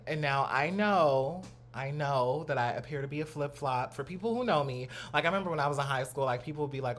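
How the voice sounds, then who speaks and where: A young man hosting his own channel, chatting in a casual, animated way with lots of slang and asides, at home on a new studio mic. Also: on the high side, a little fast. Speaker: host. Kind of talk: casual reaction commentary.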